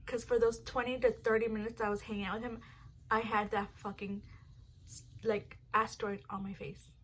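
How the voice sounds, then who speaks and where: A woman's voice: on the high side, flat delivery, moderate pace, a little hiss or hum. A young woman telling a rambling, embarrassing story to her viewers, full of filler words and swearing. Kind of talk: casual storytime monologue.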